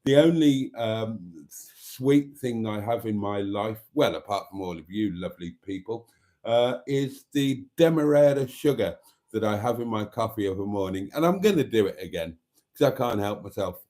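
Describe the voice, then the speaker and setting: Man, live stream host, casual chat, wry and self-mocking, mellow dark tone. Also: on the low side, lively intonation, normal speed. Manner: chatty, wry, self-mocking, reads out viewer comments.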